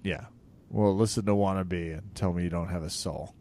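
A man's voice: low-pitched, moderate pace. Joking podcast host man. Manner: joking, animated, with sudden loud emphasis. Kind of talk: casual comedic chat.

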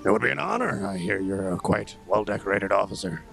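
A man's voice: on the low side, expressive, a little fast, gravelly, fairly bright tone, soft background music. A man playing a tabletop game in character, teasing and playfully gallant. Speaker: player.

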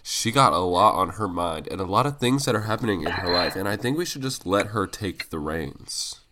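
A man's voice: low voice, animated, moderate pace, heavy background noise. A sick young man co-hosting a casual podcast chat, playful and emphatic, with audible breaths into the microphone. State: sick, congested. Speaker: podcast co-host.

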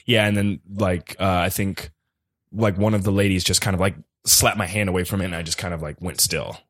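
A man on a studio mic, a podcast guest telling a comedic story casually with lots of fillers, jumping high when he quotes people. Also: steady tone, fairly quick, fairly bright tone, no echo. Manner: loose, filler-heavy telling that jumps high for quoted voices.

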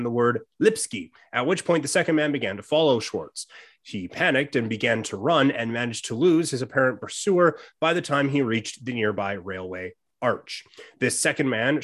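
A man's voice: medium pitch, fairly bright tone. Man reading crime notes with dry asides. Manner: dry asides while reading, hums dramatic "bum bum". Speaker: podcast co-host. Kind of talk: casual chat reading true-crime notes.

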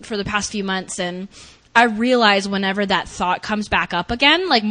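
A woman's voice: medium pitch, moderate pace, bright, forceful tone. A woman hosting a casual chat, reflecting openly on her own habits.

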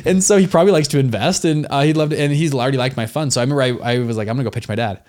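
A young man talks quickly as a guest in a casual interview. He tells stories in a chatty, slangy way, full of fillers and asides. His voice sits at an ordinary middle pitch for a man. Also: a little hiss or hum. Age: young adult. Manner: animated, slangy, many fillers. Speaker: entrepreneur guest.

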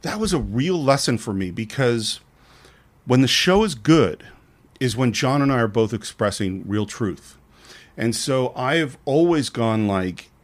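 A man co-hosting a film podcast, talking in an earnest, openly emotional way. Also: mid-range voice. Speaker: podcast co-host. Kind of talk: casual reflective talk.

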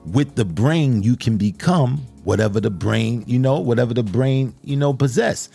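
A man voicing a proud male storekeeper who explains his wares in a slow, measured way. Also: mid-range voice, gravelly, warm tone, husky, faint music behind.

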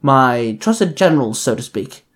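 A man voicing a cold, arrogant male assassin leader who speaks in a measured, condescending way in a fan audio story. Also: mid-range voice, animated, close to an everyday voice.

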